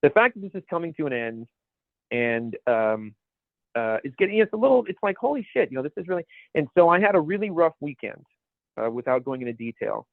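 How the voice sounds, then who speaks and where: A man's voice: a little high, sing-song, a little fast, vocal fry, no echo. Rambling man with a thin, phone-like sound. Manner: rambling, searching for words. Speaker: podcast co-host. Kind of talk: casual chat. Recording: dry, phone-like narrow sound.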